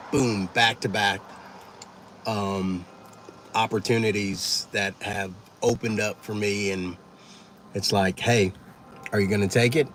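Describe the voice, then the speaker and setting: A man's voice: lowish voice, a bit bright, a little hiss or hum. A man hosting a casual livestream, chatting easily with viewers and thanking them one by one. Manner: easygoing, thanks viewers by name, talks while eating. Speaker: livestream host.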